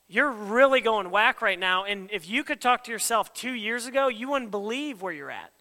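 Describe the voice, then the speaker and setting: A man's voice: high-pitched, animated, moderate pace, sharp tone. A man giving a conversational, emphatic sermon as a pastor, acting out quoted dialogue as he goes. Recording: long hall reverb.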